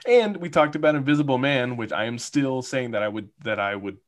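A man's voice: medium pitch, brisk. A man co-hosting a casual podcast, rambling with many fillers and laughing often. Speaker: podcast co-host. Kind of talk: casual chat.

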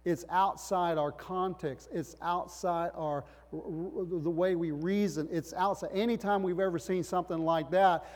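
A man's voice: sits high, fairly even intonation, normal speed, few pauses, a little mellow. Preaching man in a reverberant hall. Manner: preaching with rising emphatic bursts and rhetorical questions. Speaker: pastor. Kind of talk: sermon.

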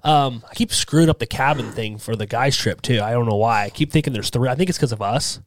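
A man's voice: mid-range voice, quick pace, no room sound. A man hosting a podcast in a studio, telling rambling stories and acting out the voices of people he quotes. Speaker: podcast host. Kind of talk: casual chat.

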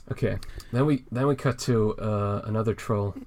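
Rambling man with a low voice. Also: measured pace, a little mellow, a little hiss or hum. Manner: rambling, hesitant, laughs often. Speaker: co-host reviewing a web comic. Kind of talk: casual chat.

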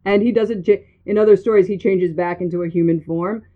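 Recorded on a phone with a tinny sound, this podcast host speaks a little fast in a mid-range voice with fairly even intonation. She's a giggly, jokey storyteller in a casual chat, laughing often.

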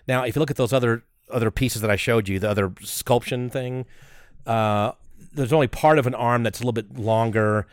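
A man co-hosting a podcast, chatting casually and excitedly, rambling and restarting his sentences. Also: mid-range voice, no room sound, studio quality. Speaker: podcast co-host.

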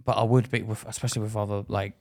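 A man co-hosting a podcast, chatting casually in a blunt, sweary way with quick stories. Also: lowish voice, level tone, darkish tone. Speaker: podcast co-host. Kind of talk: casual chat.

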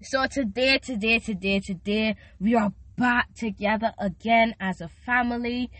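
A woman's voice: on the high side, a little slow, few pauses, sharp tone, no room sound. A teenage girl hosting a casual faith podcast, chatty and slangy as she encourages her listeners. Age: teens. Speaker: podcast host. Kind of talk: casual devotional podcast talk.

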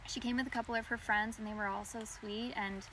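A woman's voice: on the high side, fairly even intonation, quick pace, recorded from a distance, over a noisy crowd. A woman in her thirties, a cosplayer, chatting animatedly as the guest in an interview at a fan festival. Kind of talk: casual interview chat.

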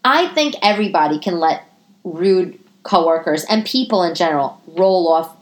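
A woman in her thirties hosting a casual solo podcast from her living room, chatty and profane, often jumping into animated high-pitched asides. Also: normal speed. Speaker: podcast host.

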